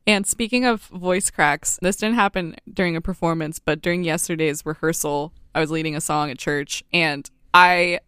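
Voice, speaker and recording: A woman's voice: sits low, normal speed, hardly any pauses, fairly bright tone, smooth, no echo, studio quality. A young woman co-hosting a podcast in casual chat, laughing often and telling stories with animation. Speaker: podcast co-host.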